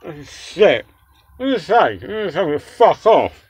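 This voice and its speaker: Swearing man ranting, lively pitch. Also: normal speed, husky, no echo. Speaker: vlogger reviewing takeaway food. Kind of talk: casual ranting food review.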